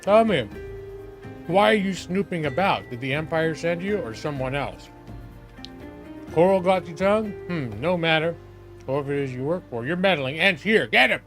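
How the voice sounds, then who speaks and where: A man's voice: on the high side, expressive, moderate pace, a bit bright, faint music behind. A man voicing a hostile male soldier who interrogates a stranger, reading game dialogue aloud in a menacing way.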